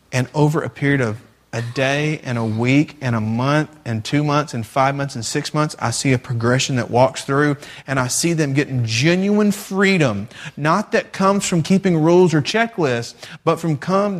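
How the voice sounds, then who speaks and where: Youth pastor, man, preaching in a slightly high voice with rhetorical questions, repeats lines for stress. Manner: repeats phrases, asks the audience rhetorical questions. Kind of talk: sermon.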